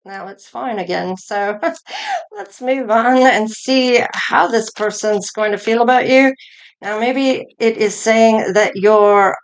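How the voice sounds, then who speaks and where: A woman's voice: on the high side, very animated, clean tone. A woman giving a collective tarot reading, musing aloud as she turns over each card. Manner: slow, musing, thinking aloud between cards. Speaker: tarot reader.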